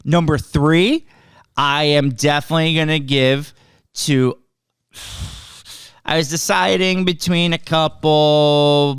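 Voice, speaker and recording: Chatting casually as co-host of a movie review podcast, this man tends to repeat words while getting his sentences going. He has a mid-range, slightly bright voice with a clean tone, captured in studio quality with no room sound.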